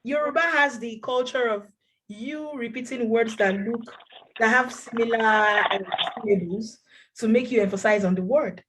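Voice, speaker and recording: A woman's voice: on the high side, normal speed, heavy background noise. A woman teaching an online language class over a video call, encouraging her students and repeating words for them to copy.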